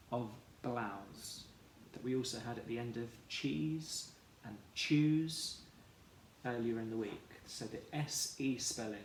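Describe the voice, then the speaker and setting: Male teacher, phonics lesson, unhurried and gravelly, echoey room. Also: mid-range voice. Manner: slow, careful, sounding out each letter. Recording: echoey room, faint background noise.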